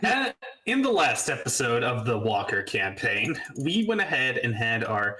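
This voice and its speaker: Bright-voiced man recapping a game. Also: mid-range voice, sing-song, normal speed, recorded from a distance, low-quality recording. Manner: rambling, many fillers and restarts. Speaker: game master. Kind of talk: recapping a tabletop campaign.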